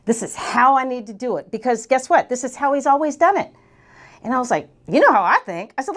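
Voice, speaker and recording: A middle-aged woman coaching, telling a motivational story and acting out what people said, jumping high on exclamations. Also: fast talker. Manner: animated, acts out quoted voices, jumps high on exclamations.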